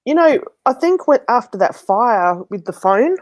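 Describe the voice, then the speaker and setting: An Australian woman co-hosting a casual live stream, chatty and quick to laugh, with stuffed-up sinuses. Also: fairly high pitch, big pitch swings, dry recording.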